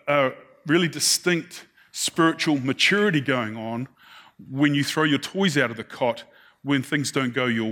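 Preacher, man, slightly high-pitched, relaxed conversational sermon delivery that often checks in with the congregation. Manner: conversational, keeps checking in with the listeners; acts out the people he describes.

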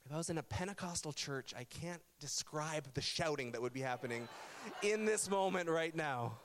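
A man's voice: fairly high pitch, animated, normal speed. A man preaching a sermon as pastor, with an impassioned, repetitive cadence, recorded in a church. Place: church sanctuary. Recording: loud music under the voice.

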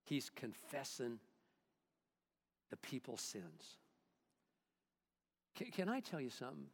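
A male pastor preaching a sermon in church, swinging between loud bursts and hushed asides, calling on the congregation to respond. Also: mid-range voice, big pitch swings, takes it slowly, husky, long reverb tail.

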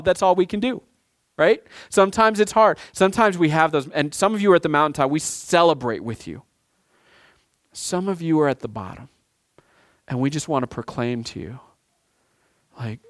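A man's voice: mid-range voice, no echo, clean studio sound. A man in his thirties preaching a sermon as pastor, talking in a conversational way with frequent asides and restarts.

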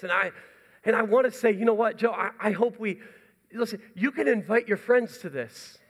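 Upbeat high-voiced young pastor, hall echo. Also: male voice, moderate pace, a bit bright. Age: young adult. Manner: enthusiastic, chatty and rambling with restarts. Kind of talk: church announcements. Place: church sanctuary.

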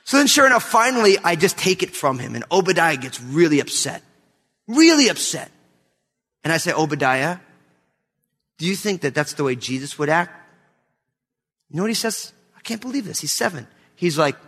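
A man in his thirties preaching a sermon to his church, telling a family story with lively, acted-out voices. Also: fairly high pitch, normal speed, pauses often, breathy edge, long reverb tail. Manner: animated storytelling, acts out his kids' voices. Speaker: pastor. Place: church sanctuary.

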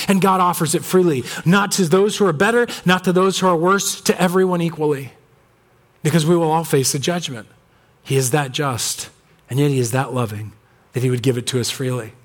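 A male pastor preaching a sermon with impassioned emphasis, swinging from ringing highs to low, grave lines. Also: fairly bright tone. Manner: impassioned, big swings between high emphasis and low gravity.

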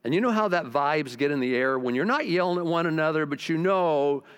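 An older pastor delivers a sermon, weaving in stories and posing questions to the congregation. His tone is brisk, clear and resonant, though he often drops low and quiet to make a point.

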